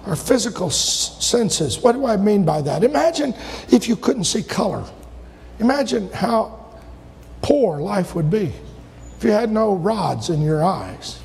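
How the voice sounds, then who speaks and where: A male pastor delivering a sermon in a high, rough, gravelly voice. He climbs to shouted peaks and then falls suddenly quiet. The sound carries a long church-hall reverb. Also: very animated, measured pace, slight background noise. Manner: preaching with loud shouted peaks and sudden drops.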